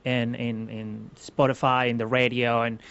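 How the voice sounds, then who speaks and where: A man's voice: mid-range voice, little pitch movement, a little slow, creaky, a bit bright, clean tone. A man from Venezuela, a ballroom dance instructor answering interview questions earnestly, explaining step by step with many restarts. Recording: slightly muffled lo-fi sound.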